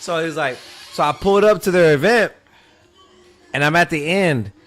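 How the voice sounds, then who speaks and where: A man's voice: on the high side, normal speed, soft background music. A man chatting casually on a podcast, telling stories and acting out what others said. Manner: animated, acts out others' quotes. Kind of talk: casual storytelling chat.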